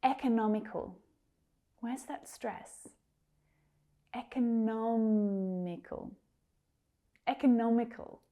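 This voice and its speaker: A woman teaching English pronunciation, carefully repeating each word slowly. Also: fairly high pitch, mellow, lo-fi sound. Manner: careful, drawn-out repetition of words. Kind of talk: slow pronunciation lesson.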